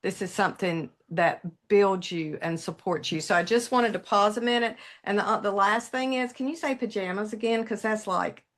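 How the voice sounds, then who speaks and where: A woman's voice: medium pitch, normal speed, few pauses, fairly bright tone. A woman hosting a training webinar, who cuts in to speak to the audience in a chatty, enthusiastic way. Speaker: webinar host.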